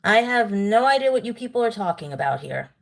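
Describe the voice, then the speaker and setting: A woman's voice: mid-range voice, big pitch swings, brisk, creaky. Indignant New woman lecturing her chat. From New York. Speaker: livestream host. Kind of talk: live-stream commentary to chat.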